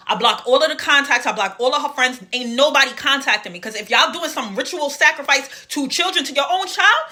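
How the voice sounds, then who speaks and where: Woman, emphatic slangy storytelling, bright tone. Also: high-pitched. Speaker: vlogger telling a personal story. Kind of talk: casual storytime monologue.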